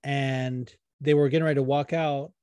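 A man in casual podcast chat about fights, talking in a profane, fast-running way with frequent restarts. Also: mid-range voice, flat delivery, a little mellow, clean tone, no echo.

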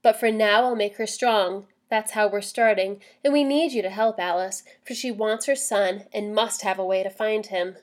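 A woman's voice: mid-range voice, normal speed, few pauses, lightly acted. A woman voicing a formerly shy young man who now speaks firmly and with certainty. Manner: firm and certain.

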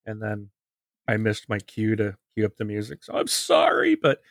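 A man co-hosting a podcast, talking casually and rambling with halting restarts. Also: on the low side, fairly even intonation, no echo, studio quality. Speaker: podcast co-host.

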